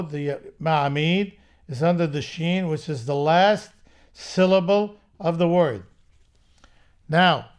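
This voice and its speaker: A man teaching how to chant scripture verses, patiently explaining each rule step by step and then chanting the examples slowly. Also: on the high side. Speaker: cantillation teacher. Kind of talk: slow spoken lesson with chanted examples.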